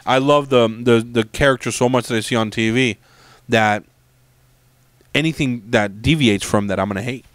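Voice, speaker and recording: A man's voice: medium pitch, normal speed, dry recording. A man co-hosting a casual film review podcast, blunt and opinionated, swearing freely. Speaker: podcast co-host.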